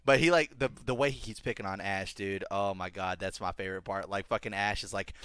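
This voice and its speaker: Young guy cohosting a podcast, swears nonstop, does goofy voices, bright punchy tone, dry close mic. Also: sits low, fairly quick, hardly any pauses, clear, resonant tone, no room sound. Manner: animated, swears a lot, acts out scenes in silly voices. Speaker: podcast co-host. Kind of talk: casual chat.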